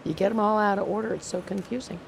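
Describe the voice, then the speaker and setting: A woman's voice: medium pitch, steady tone, fast talker, vocal fry, slight background noise. A woman hosting a livestock show livestream, chatting casually and joking about herself, wearing a clip-on mic at the arena. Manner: chatty, joking, self-deprecating. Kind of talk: casual live commentary.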